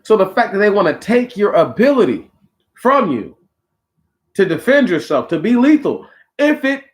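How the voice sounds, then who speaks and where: Brief: male talk host, higher-pitched voice, preachy casual monologue, slangy asides to listeners. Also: sing-song, moderate pace. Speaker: podcast host.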